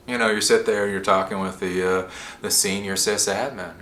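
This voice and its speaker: A man hosting a show, answering a viewer's question in a rambling, animated way. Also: lowish voice, moderate pace, echoey room, a little hiss or hum. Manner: rambling, animated, with frequent laughs and restarts. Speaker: host.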